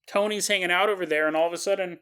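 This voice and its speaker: Male podcast host, casual storyteller, bright and a little high, fond of wry tangents. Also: fairly even intonation, very fast, slight background noise. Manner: joking asides, chuckling tangents.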